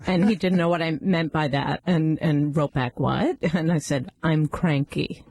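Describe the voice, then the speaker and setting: Female radio co-host, wry and anecdotal, mid pitch, dry studio sound. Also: moderate pace, a little mellow, no echo. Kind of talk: casual talk radio chat.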